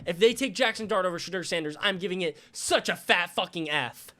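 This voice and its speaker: A young man streams his live reaction with a raised, high voice, worked up and profane. He keeps repeating short outbursts to his viewers. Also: fairly quick. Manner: excitable, repetitive, profane outbursts. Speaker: fantasy football streamer.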